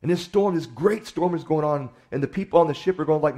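A man's voice: on the high side, expressive, quick pace, warm tone. A male pastor giving a sermon in a folksy, conversational storytelling manner, often repeating his words as he goes.

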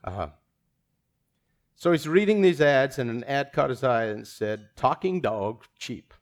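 Brief: lay preacher, casual sermon in church, jokey asides, average pitch. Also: male voice, lively intonation, measured pace. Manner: casual, self-deprecating, chuckling asides.

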